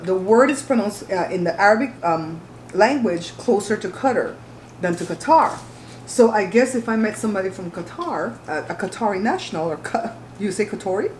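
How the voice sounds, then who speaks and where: A woman's voice: mid-range voice, darkish tone, a little hiss or hum. Outspoken woman at home. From Belize. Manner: emphatic, outspoken storytelling. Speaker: host. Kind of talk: casual chat while eating. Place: home, at the table. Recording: roomy echo.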